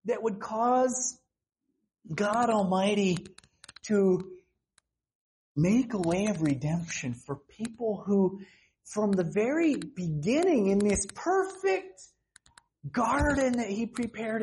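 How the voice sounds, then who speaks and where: A woman's voice: medium pitch, dark tone, a little hiss or hum. A woman preaching a sermon with passion, asking rhetorical questions and acting out voices.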